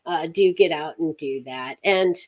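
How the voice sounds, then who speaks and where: A woman from upstate New York hosts a witchcraft chat show in a casual live chat, rambling chattily and laughing often. Her low voice is a little mellow and keeps a measured pace.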